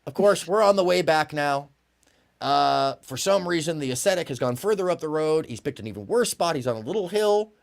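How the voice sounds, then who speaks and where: Animated man telling a joke. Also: a little high, brisk, creaky. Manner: animated, full of fillers. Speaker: panelist. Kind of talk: casual storytelling.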